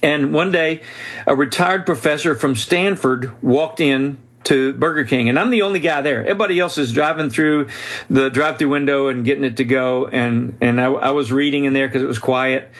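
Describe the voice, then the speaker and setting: A man's voice: medium pitch, moderate pace. A man telling a story as a guest in an interview, speaking earnestly and with animation, often restarting his sentences. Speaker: author and guest.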